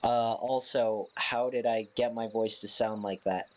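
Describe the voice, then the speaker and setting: Sleepy young guy streaming, yawny and giggly, slow easygoing talk. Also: lowish voice, fairly even intonation. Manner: sleepy, yawning, giggly, chatting to viewers. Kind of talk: casual live-stream chat.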